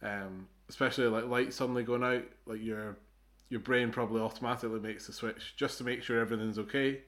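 A man's voice: mid-range voice, fairly even intonation, fast talker, a bit bright. A man co-hosting a podcast, explaining things in a casual, hesitant way with many fillers and restarts. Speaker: podcast co-host. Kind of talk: casual chat.

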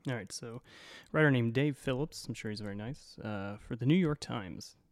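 A man's voice: mid-range voice, moderate pace, no echo. A man hosting his own podcast, telling a story in a wry, rambling way with plenty of cursing and fillers. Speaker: podcast host. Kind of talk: casual storytelling monologue.

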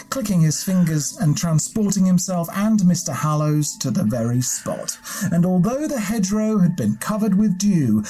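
Slow, expressive folk-tale narrator. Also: medium pitch, breathy edge. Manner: measured, expressive storytelling. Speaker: podcast storyteller.

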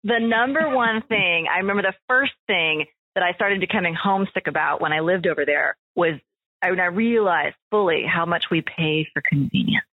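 Casting: woman, casual co-host chat, slightly husky, dry thin phone-like sound. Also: on the low side, moderate pace, no room sound. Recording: tinny phone-like audio, dry.

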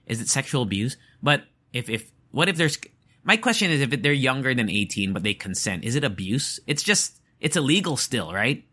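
Bright-voiced man in a rambling chat. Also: medium pitch, moderate pace. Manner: rambling, with frequent restarts; animated and incredulous. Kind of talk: casual monologue.

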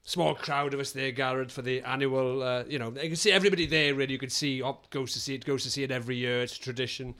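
A Welsh man co-hosting a comedy podcast, telling stories in casual chat and jumping into loud, high voices when he acts out other people. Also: quick pace, few pauses. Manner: animated storyteller, loud high bursts acting out people.

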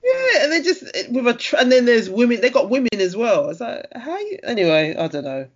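A woman in a casual chat, incredulous and quick to laugh. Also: a little high, sing-song. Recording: dull lo-fi audio.

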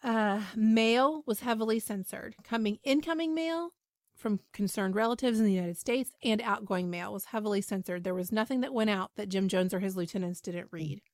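A woman's voice: mid-range voice, normal speed, dry recording, studio quality. A woman podcast host retelling a story in casual, chatty talk with frequent ums and asides.

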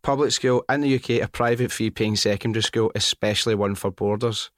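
A Scottish man hosts a podcast, asking rambling, curious questions and throwing in jokes. His voice sits a little low for a man. The sound is dry and close. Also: fairly even intonation, brisk, no echo. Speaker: podcast host. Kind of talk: casual interview chat.

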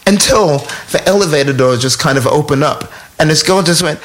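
A man's voice: a little high, brisk. A man from England telling a long, rambling story in casual chat, swearing often and acting out other people's lines. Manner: rambling, swearing, restarts, quotes people in animated voices. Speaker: touring musician guest.

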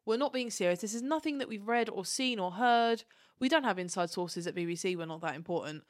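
A woman's voice: mid-range voice, animated, brisk. A woman hosting a podcast in casual chat, talking in a chatty, rambling and giggly way. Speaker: podcast host. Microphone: studio podcast mic.

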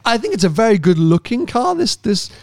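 Animated man on a podcast. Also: fairly quick, vocal fry, no echo, clean studio sound. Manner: animated, laughing, jumps in pitch. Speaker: podcast co-host. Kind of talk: casual chat.

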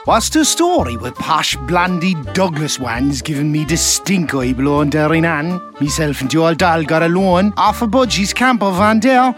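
A man's voice: high-pitched, fairly bright tone. An actor playing a brash working-class man from Cork, calling in to complain in a blunt, slangy rant. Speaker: caller.

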